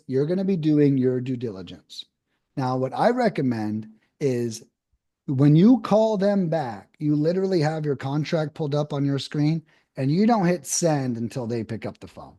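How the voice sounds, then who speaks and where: A man's voice: on the high side, warm tone. A man, a podcast guest and land investing coach, explaining his method and acting out friendly phone scripts.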